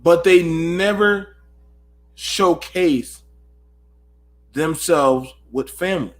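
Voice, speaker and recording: Man, late-night host, high voice, preaching rhetorical questions at his audience. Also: extremely slow. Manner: preachy, rhetorical, talks to viewers. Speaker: channel host.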